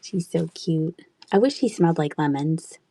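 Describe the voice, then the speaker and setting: A woman's voice: deep voice, moderate pace, background noise. A woman selling thrift finds on a casual live stream, chatty and giggly, rambling through asides. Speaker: online thrift seller.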